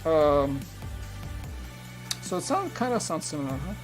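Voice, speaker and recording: Music plays in the background as a Polish-accented man from Poland builds a toy set live, speaking at a measured pace in a fairly high voice. He wanders from topic to topic, says "like" a lot, and answers questions from the chat.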